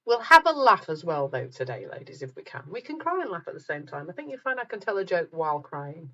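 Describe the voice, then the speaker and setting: A woman's voice: lowish voice, big pitch swings, fast, bright, forceful tone, muffled recording. Chatty middle-aged woman hosting a live talk. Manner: chatty, reads out viewer comments, laughs at herself. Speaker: host of a live group talk. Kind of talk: casual live talk to viewers.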